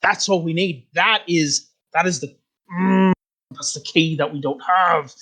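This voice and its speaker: A man's voice: on the high side, a little slow, bright, forceful tone. A man voicing an eager female second in command. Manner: eager agreement, gusto.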